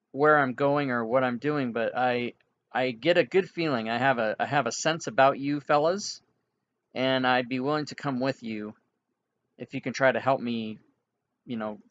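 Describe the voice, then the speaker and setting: A man voicing a dazed male cleric who is slowly getting his memory back, speaking in a halting, stammering, apologetic way. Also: mid-range voice, fairly bright tone, muffled recording, lightly acted. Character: dazed middle-aged male cleric recovering lost memory.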